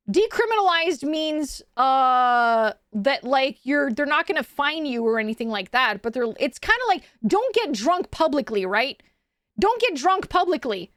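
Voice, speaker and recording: A woman's voice: high-pitched, fairly bright tone, dry recording, clean studio sound. A young woman streamer casually telling a story, rambling with lots of fillers and restarts. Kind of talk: casual chat.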